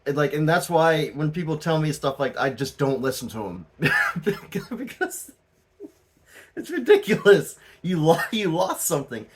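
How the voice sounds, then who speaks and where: A man giving a tarot reading as the host, talking casually, rambling and animated, often laughing and swearing. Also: a little high, fairly quick, hardly any pauses, a little hiss or hum. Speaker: tarot reader.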